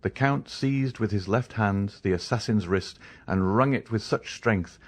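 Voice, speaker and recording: A man narrating a classic novel in a measured, dramatic audiobook reading. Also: lowish voice. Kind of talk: scripted narration.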